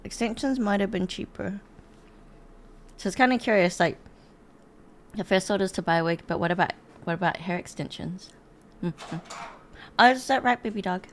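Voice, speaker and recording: A woman's voice: lowish voice, steady tone, moderate pace, pauses often, slight background noise. A young woman streamer chatting casually and rambling, with frequent giggles and fillers while she reacts to videos. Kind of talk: casual chat.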